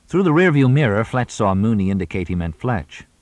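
A man narrating an audiobook with an expressive reading. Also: fairly low pitch, fairly quick, no echo. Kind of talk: scripted narration.

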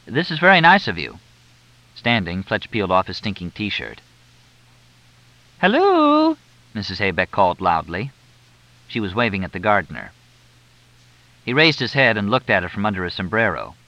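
A man with a lowish, bright, very lively voice reads a novel aloud with expressive narration. The recording is dry and somewhat dull and lo-fi. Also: brisk, no room sound. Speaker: audiobook narrator. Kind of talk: scripted narration.

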